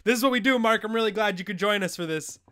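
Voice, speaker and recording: A man's voice: high voice, fast, sharp tone, clear, resonant tone. A young man hosting a live fantasy football advice stream, bantering loosely and joking as he answers chat questions. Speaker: host.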